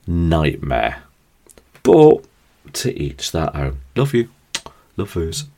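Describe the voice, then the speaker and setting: Podcast guy, super deep voice, rambly self-deprecating storytelling. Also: slow pace. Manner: chatty, rambling, self-deprecating, with animated jumps in pitch and volume. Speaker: podcast host. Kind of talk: casual storytelling monologue.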